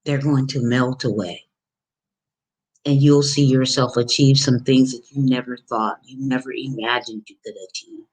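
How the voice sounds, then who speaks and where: A woman's voice: very deep voice, fairly even intonation, normal speed, a little mellow. A woman life coach giving an emphatic, preachy motivational talk, repeating phrases and dropping folksy pet names. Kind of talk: motivational video monologue.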